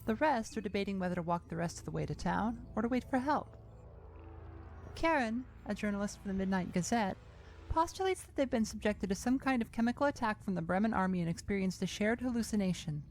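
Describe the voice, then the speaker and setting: A woman narrating a video essay in a measured, calm, scripted storytelling delivery. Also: mid-range voice, a little hiss or hum.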